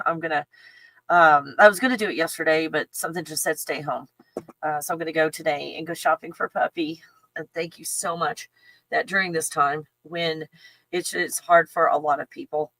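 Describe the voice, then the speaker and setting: A middle-aged woman hosting her channel chats casually and ramblingly on a livestream, laughing often and talking to her dog. Her voice is low and a bit bright, with no room sound.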